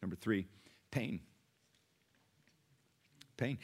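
Middle-aged pastor, lower-pitched man, preaches with big swings from hushed to loud; emphatic sermon delivery. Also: expressive, normal speed, long pauses. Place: church.

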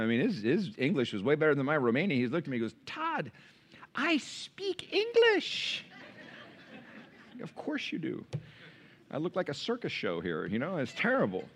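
A male pastor preaching a sermon from the pulpit in a church, telling stories and acting out the voices of the people in them. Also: medium pitch. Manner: animated storytelling, acting out quoted voices. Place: church sanctuary. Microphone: pulpit mic.

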